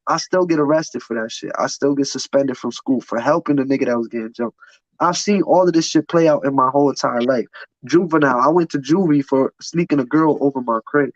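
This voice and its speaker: A man's voice: on the high side, dry recording. Blunt, profane man with a raised voice. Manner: blunt, profane, heated storytelling. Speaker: podcast guest. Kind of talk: casual storytelling chat. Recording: dull, dry lo-fi sound.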